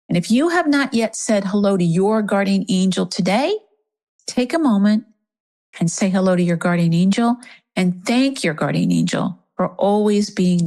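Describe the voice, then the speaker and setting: A middle-aged woman leading a guided meditation and prayer, speaking softly and reverently. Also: medium pitch. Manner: soft, reverent, emotional at times.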